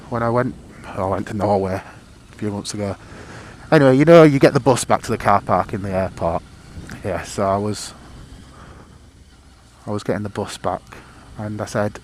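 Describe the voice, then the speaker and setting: A man's voice: on the low side, normal speed, long pauses, a little hiss or hum. A man giving rambling, sweary commentary while riding a motorbike outdoors, picked up on a helmet or bike-mounted mic. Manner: rambling, sweary, self-mocking. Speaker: motorcycle vlogger.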